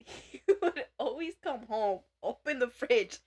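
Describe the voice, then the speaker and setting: A woman's voice: on the high side, animated, unhurried, a little mellow, slightly rough. A young woman co-hosting a casual chat, laughing often and dropping Spanish words and slang into her stories. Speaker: podcast co-host.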